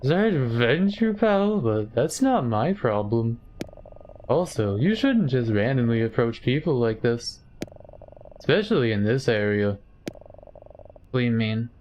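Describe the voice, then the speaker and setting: A man's voice: mid-range voice, sing-song, unhurried, pauses often, darkish tone, highs cut off, slight background noise. A man voicing a brusque, dismissive male office worker who has worked late and wants to be left alone. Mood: annoyed. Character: curt tired male office worker, adult.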